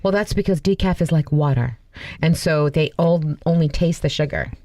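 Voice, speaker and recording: A woman's voice: sits low, normal speed, mellow, dry recording. A woman co-hosting a radio show, talking candidly and playfully in casual banter. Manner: chatty, candid, playfully exasperated.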